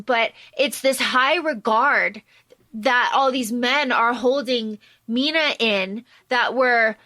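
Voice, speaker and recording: A woman's voice: a little high, no room sound. A woman hosting a podcast, eagerly retelling a story in casual chat, full of fillers and restarts. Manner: animated plot retelling with many fillers. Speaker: podcast host.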